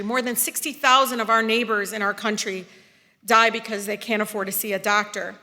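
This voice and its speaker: A woman, giving an impassioned political speech from a podium, rising to loud, emphatic peaks. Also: on the high side, steady tone, fairly quick. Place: large hall. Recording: long reverb of a large hall.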